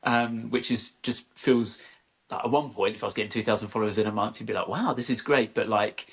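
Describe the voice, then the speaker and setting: A man's voice: fairly low pitch, steady tone, a little fast. A man in his thirties, a podcast guest and content creator, telling stories in a loose, rambling way with lots of "like" and restarts. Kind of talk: casual conversational storytelling.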